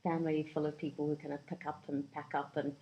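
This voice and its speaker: Low-voiced woman with a Kiwi accent. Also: little pitch movement, fast talker, muffled recording. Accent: New Zealand. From born in England, raised in Yemen and New Zealand. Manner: laughs often, chatty and self-deprecating. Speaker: guest. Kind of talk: casual interview chat.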